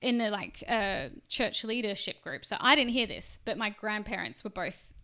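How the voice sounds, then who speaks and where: An Australian woman chatting on a podcast, telling personal stories in a chatty, animated way. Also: medium pitch, normal speed. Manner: chatty storytelling, animated when quoting others. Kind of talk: casual podcast chat.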